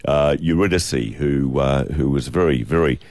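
A man's voice: very deep voice, moderate pace, a little mellow, dry recording, clean studio sound. A man hosting a breakfast radio show, reading promos and handing to a co-host. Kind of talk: radio announcing. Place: radio studio.

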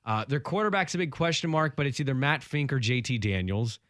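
A man co-hosting sports radio, loud and confident as he breaks down the college football season. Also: mid-range voice, expressive, fairly quick, no echo, studio quality. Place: radio studio. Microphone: studio mic.

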